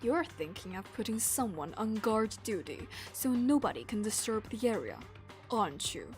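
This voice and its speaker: A woman voicing a calm, cool teenage girl detective in a deliberately low, monotone voice. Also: faint music behind.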